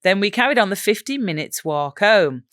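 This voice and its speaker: A woman co-hosting a podcast, reading listener stories aloud in a giggly, lively way, with an English accent. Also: mid-range voice, normal speed, no room sound, studio quality. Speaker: podcast co-host.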